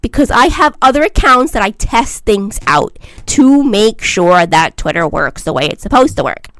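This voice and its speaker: A woman's voice: medium pitch, animated, normal speed, a bit bright, no room sound. A woman giving a blunt, emphatic vlog monologue as a social media commentator, lecturing her listeners.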